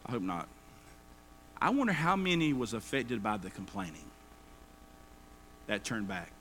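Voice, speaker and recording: A man's voice: on the low side, big pitch swings, unhurried, fairly bright tone, a little hiss or hum. A man preaching a sermon, folksy and acting out everyday complainers. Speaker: pastor.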